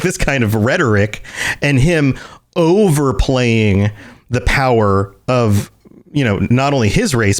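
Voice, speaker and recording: A man co-hosting a casual podcast chat, animated and quick to laugh, breaking into silly voices to act out characters. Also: fairly low pitch. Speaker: podcast co-host.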